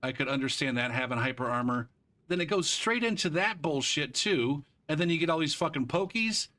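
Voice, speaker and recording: A man's voice: on the high side, expressive, a little fast, sharp tone. A man streaming a game live, ranting about it in a frustrated, profane way and drifting into rambling asides. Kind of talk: live gameplay commentary.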